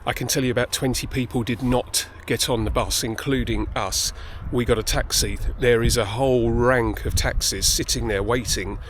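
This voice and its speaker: With hardly any pauses, the man talks at a normal speed in a medium pitch and fairly even intonation, and slight background noise can be heard. He's vlogging on a close-held phone while hiking a busy mountain path, slightly breathless and self-deprecating in his casual chat.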